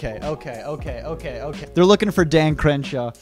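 A young man giving mocking, excitable comedic reaction commentary on a video. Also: fairly high pitch, brisk, over music. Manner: excitable, mocking, laughs at clips. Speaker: YouTube commentator.

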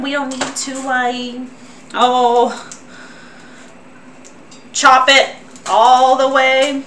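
A young woman with a bright, high voice and a Southern California accent, taking her time as she chats with her stream while cooking. She swears casually. The recording comes from a roomy home kitchen, a little far from the mic, with faint noise behind her. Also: flat delivery, very slow, pauses often. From Orange County, Southern California.

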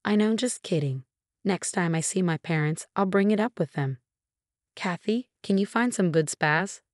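A woman's voice: lowish voice, moderate pace, dry recording, studio quality, close to an everyday voice. A woman reading the lines of a casual, secretive husband in a storybook narration. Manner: casual, dismissive.

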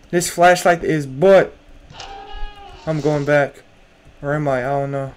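Jumpy young man, slow-spoken gamer. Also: a little high, fairly even intonation. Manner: jumpy, nervous, talks to himself; casual slang, lots of "bro". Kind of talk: horror game let's play.

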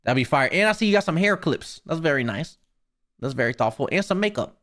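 Male streamer with a slightly high voice, foul-mouthed, animated rants. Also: brisk. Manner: profane, animated ranting. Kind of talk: casual live-stream chat.

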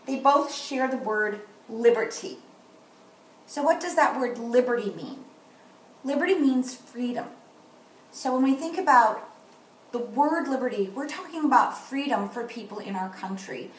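A woman teaching a kindergarten morning meeting on video, speaking slowly and gently and stressing key words for young children. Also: fairly high pitch, lively intonation, reverberant, far from the mic, poor audio.

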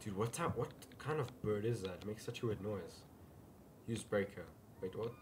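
A man's voice: on the low side, moderate pace, noisy background. A man casually commenting while playing a game, mumbling jokey asides to himself. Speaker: gaming video host. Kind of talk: casual let's-play commentary.

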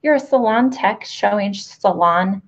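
A woman's voice: medium pitch, unhurried. A woman hosting an interview, speaking in a direct, instructive way about her career as a nail educator. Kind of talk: interview with teaching asides. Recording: dull, lo-fi audio.

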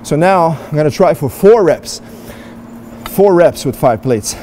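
A man's voice: a little high, expressive, unhurried, dark tone, slight background noise. Upbeat man coaching a gym workout. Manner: upbeat coaching, talks straight to viewers. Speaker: fitness vlogger. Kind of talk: workout demonstration and instruction. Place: indoor gym.

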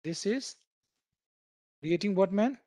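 A man teaches a live programming class in a fairly high voice. He talks students through each idea with homely comparisons and keeps asking "right?" to make sure they follow. The sound is close and dry, with no room around it. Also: lively intonation, takes it slowly, warm tone, no echo. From India. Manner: keeps checking in with "right?", explains by everyday analogies. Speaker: programming instructor. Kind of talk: live online coding class.

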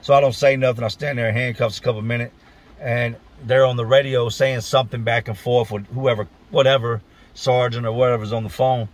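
A man at a middle pitch telling a story straight to his viewers, blunt and profane, with plenty of street slang. He talks the way he would to friends, loose and unpolished. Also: steady tone, brisk. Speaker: storyteller, channel host. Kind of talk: casual spoken storytelling.

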